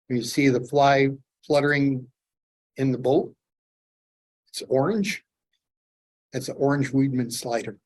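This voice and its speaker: A middle-aged man from Canada telling lively fishing stories while demonstrating fly tying to a club audience. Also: mid-range voice. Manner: animated storyteller, acts out his own excitement. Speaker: fly tier, presenter.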